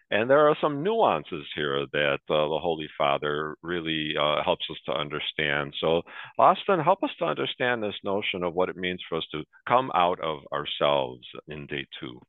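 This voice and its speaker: A man in his sixties hosts a webinar interview, steering the conversation with warm, friendly anecdotes from his own life. His low voice has a sing-song lilt and a moderate pace. The video-call audio is dry and narrow, almost like a phone, with no echo.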